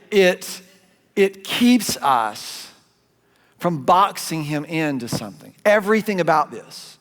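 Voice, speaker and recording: Southern pastor preaching in a reverberant hall. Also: male voice, sits high. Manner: conversational, animated storytelling with self-corrections. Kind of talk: sermon.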